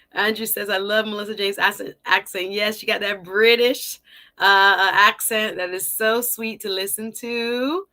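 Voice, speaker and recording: Bright, chatty woman hosting a livestream. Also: mid-range voice. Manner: chatty, laughs often, greets viewers by name. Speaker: livestream host. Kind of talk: casual livestream chat.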